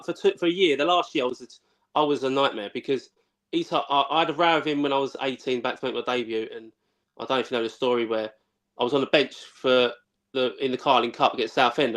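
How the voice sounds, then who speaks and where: A man's voice: medium pitch, steady tone, fairly bright tone. A man, a former footballer telling stories as a guest in a casual chat, blunt and full of swearing and restarts. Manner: rapid, blunt, swears freely, many restarts. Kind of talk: casual storytelling.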